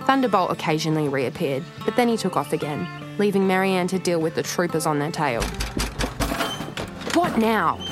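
A woman storyteller giving scripted narration for children in a lively, expressive way. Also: lowish voice, fast, rough recording. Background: soft music.

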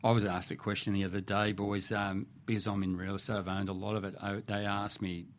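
A middle-aged man talking as a podcast guest in a studio, telling stories in a lively way with frequent restarts. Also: fairly low pitch, brisk. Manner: animated storyteller with frequent restarts. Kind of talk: casual storytelling in conversation. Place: radio studio.

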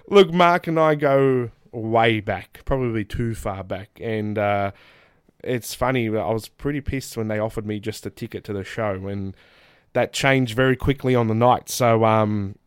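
An Australian man in his thirties, a guest on a casual podcast, telling candid, animated stories, swearing and laughing often. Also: fairly low pitch, measured pace, clean tone, no echo, clean studio sound. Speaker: guest, pro wrestler.

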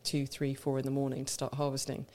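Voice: mid-range voice, monotone, quick pace, a little mellow. Knowledgeable wine co-host. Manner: knowledgeable, explanatory, easy laughs. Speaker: radio co-host, wine expert. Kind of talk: casual radio chat. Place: radio studio.

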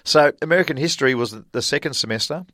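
A man's voice: on the high side, fast, no echo. Australian man, middle-aged, casual storytelling, chatty, laughs a lot, dry close mic. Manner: chatty, laughs often, animated retelling with voiced quotes. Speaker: guest, former college golfer.

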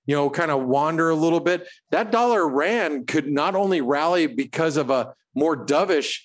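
A man's voice: on the high side, moderate pace. A man co-hosting a trading show from home, chatting casually about markets and cracking puns. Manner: animated, punny, jokey asides.

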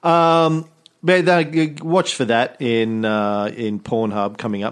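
A man's voice: mid-range voice, steady tone, slow, smooth. An Australian man chatting casually as a podcast host, rambling and joking with frequent restarts. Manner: rambling, jokey, with repeated restarts. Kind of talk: casual chat.

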